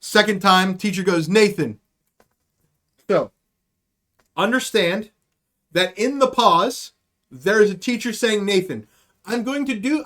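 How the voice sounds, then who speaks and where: A man hosting a live-streamed show tells a comic story in a loose, rambling way, swearing freely and poking fun at himself. His voice sits noticeably high for a man. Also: a bit bright. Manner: rambling, profane, self-deprecating. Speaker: podcast host. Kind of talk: comedic storytelling on a livestream.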